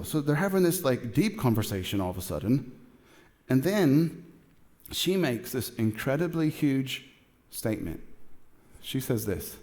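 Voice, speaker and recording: Animated storytelling man preaching. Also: mid-range voice, moderate pace. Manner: animated storytelling, acting out both sides of a dialogue; casual, chatty, with many fillers and asides. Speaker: pastor. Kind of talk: sermon.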